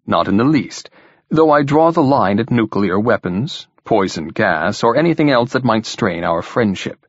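A man reading the part of a calm, amused male alien overseer in an unruffled, bantering manner, in a dull lo-fi recording. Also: lowish voice, normal speed, no room sound.

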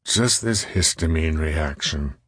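Man voicing a sick, terse young man, very deep voice, storybook reading. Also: slow pace, a bit bright, slightly rough, no echo, studio quality, full character voice. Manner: terse and evasive.

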